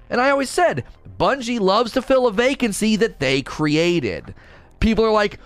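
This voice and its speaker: A young man streaming, ranting indignantly in a casual, animated way, sometimes mocking others in quoted voices. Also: sits high, moderate pace, no echo. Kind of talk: casual livestream rant.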